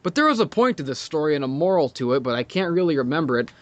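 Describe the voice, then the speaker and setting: A man's voice: fairly high pitch, big pitch swings, fast, no echo. A man telling a crude, profanity-heavy story in casual podcast chat, laughing often. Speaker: podcast guest.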